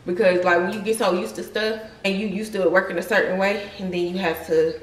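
A young vlogger chats casually to camera in a slangy style, laughing often and sometimes filming from a car. Her voice is medium-pitched and steady, her pace fairly quick, and the audio quality is poor.

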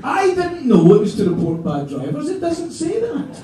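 A Scottish man doing a stand-up comedy set, animated and mock-indignant, with swearing. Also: extremely high pitch, moderate pace, few pauses, crowd noise. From Scotland. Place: comedy club stage. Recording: echoey club, distant mic, audience laughter. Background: audience laughing.

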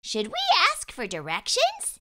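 A woman's voice: on the high side, wildly swooping pitch, measured pace, bright, forceful tone, full character voice. A woman voicing a curious, worried little question mark, speaking in a wondering, questioning way.

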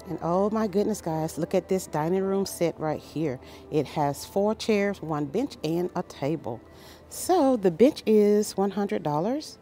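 A woman's voice: fairly low pitch, dark tone, a little hiss or hum. A woman vlogging as she walks through a furniture store, gushing over each piece in a casual, enthusiastic way. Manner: gushing, enthusiastic, exclaims often. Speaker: shopping vlogger. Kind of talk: casual store walkthrough vlog. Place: large furniture store, indoors.

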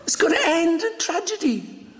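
A man preaching a sermon, swinging from high exclaiming cries down to hushed whispers. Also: sing-song, moderate pace, reverberant, rough recording. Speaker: pastor. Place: church.

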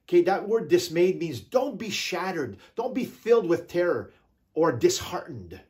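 A man pastor preaching a sermon, reading scripture slowly with drawn-out emphasis and scattering hallelujahs between points. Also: high-pitched, very animated, darkish tone. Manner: peppers talk with hallelujahs.

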